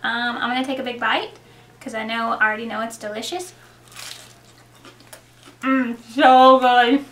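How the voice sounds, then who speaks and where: Bright high-voiced chatty woman cooking. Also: steady tone, fast, a little hiss or hum. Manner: chatty, giggly, addresses viewers directly. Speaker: cooking show host. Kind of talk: casual cooking demonstration. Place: home kitchen.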